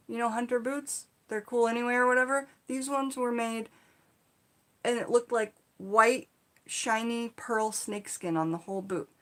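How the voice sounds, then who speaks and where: A woman casually telling personal stories in an animated, chatty way, full of "like" and "you know". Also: on the high side. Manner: animated, chatty, acts out her own shouts in the retelling; frequent fillers like "like" and "you know". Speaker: storytelling channel host.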